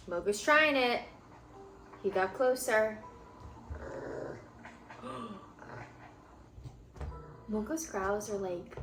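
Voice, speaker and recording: A woman's voice: medium pitch, a little hiss or hum. A woman vlogging casual reaction commentary, cooing and talking sweetly to her dog as she watches. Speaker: pet vlogger. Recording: echoey room with music underneath.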